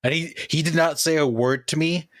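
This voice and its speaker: A man's voice: a little high, fairly even intonation, moderate pace, a bit bright, no echo. A man co-hosting a podcast in casual chat, talking in a dry, blunt, teasing way. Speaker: podcast co-host.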